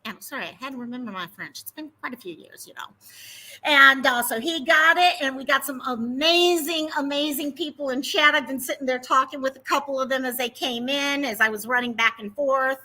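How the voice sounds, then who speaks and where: A woman with a high, bright voice hosts a casual livestream. She talks in a chatty, rambling way and greets each viewer by name. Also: fairly quick, low-quality recording. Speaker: livestream host.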